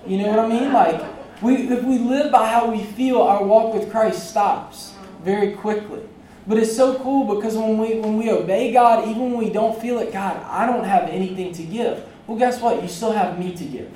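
A preacher talks through a sermon in a loose, chatty way, often turning to the congregation. The voice is soft and mellow. It comes from well back from the mic and rings around a roomy sanctuary, with faint ambient noise under it. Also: mid-range voice, moderate pace, recorded from a distance. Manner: conversational, chatty, addresses the congregation directly. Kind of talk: casual sermon with personal story. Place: church sanctuary.

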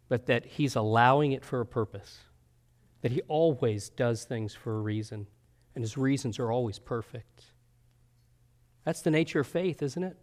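A man preaching a sermon in an earnest, conversational way, often pausing with fillers and asking "right?". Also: mid-range voice.

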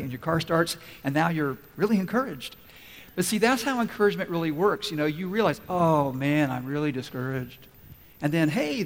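A pastor preaches to his church family, working through his points and acting out little stories along the way. His voice sits a touch high for a man. The long reverb of a church hall trails behind every phrase. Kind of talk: sermon. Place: church sanctuary.

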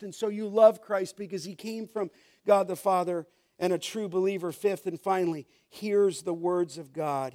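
High-voiced preaching pastor. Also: male voice, darkish tone. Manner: emphatic preaching, reads scripture slowly, asks the congregation rhetorical questions. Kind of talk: sermon.

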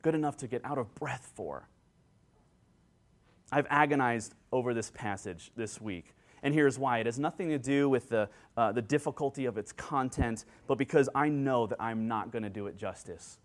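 A man preaching a sermon as pastor, earnest and excitable, acting out joyful quotes, speaking into a handheld microphone. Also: mid-range voice, normal speed. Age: adult with children.

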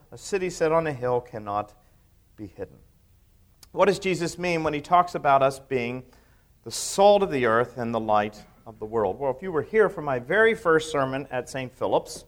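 Lively, animated male preacher. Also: fairly high pitch. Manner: expressive preaching, rises and drops for emphasis, asks the congregation questions. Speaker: pastor. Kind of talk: sermon.

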